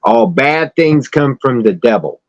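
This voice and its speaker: Slow, animated man with a dull lo-fi sound. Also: mid-range voice, no echo. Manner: emphatic preacher-like delivery, blunt and straightforward. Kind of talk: casual podcast chat.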